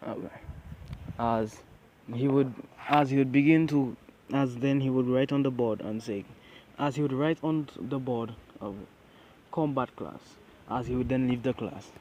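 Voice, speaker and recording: A man tells a fan story off the cuff in a mid-pitched voice, stumbling over his words and restarting lines as he strings the events together. A faint hiss sits under the voice. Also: a little mellow, lo-fi sound. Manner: halting, restarts sentences, chains clauses with "as he would". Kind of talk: improvised story narration.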